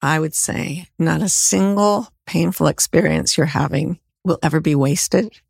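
A middle-aged woman, a guest author and life coach, talking in a soft, soothing way that sinks toward a whisper. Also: sits low, measured pace, vocal fry, breathy edge, no echo, studio quality. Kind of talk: heartfelt interview talk.

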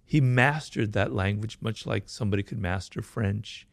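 A man explaining ideas as a guest in an interview. He talks fast and with animation and keeps asking rhetorical questions. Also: fairly low pitch, vocal fry, no room sound.

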